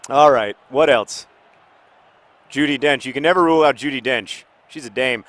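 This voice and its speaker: A man in his thirties hosting casual, rambling chat over live gameplay, with restarts and sudden excited outbursts at the game. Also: mid-range voice, a little slow, no echo. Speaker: host.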